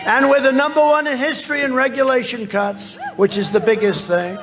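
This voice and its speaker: A man's voice: very high voice, fairly even intonation, a little fast. A man giving a rally speech into a podium microphone, telling boastful, repetitive stories to a crowd. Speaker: politician speaking at a rally. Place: large rally venue.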